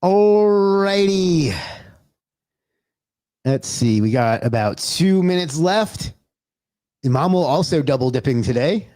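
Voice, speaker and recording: Casual livestream host, dry close sound. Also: male voice, mid-range voice, lively intonation, moderate pace, a little mellow, no echo. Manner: loose and chatty, swears, talks to himself.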